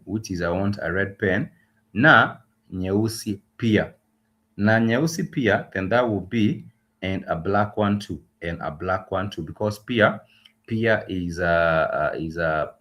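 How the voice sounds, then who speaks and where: A man teaching Swahili words in a livestreamed lesson, patient and repetitive, pausing often with filler sounds. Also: deep voice.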